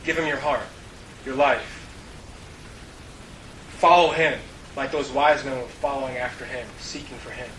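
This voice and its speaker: A man preaching an earnest sermon to his congregation, telling stories and dropping to a hush for the key points. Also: medium pitch, steady tone, measured pace, long pauses. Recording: roomy, distant mic with faint hiss.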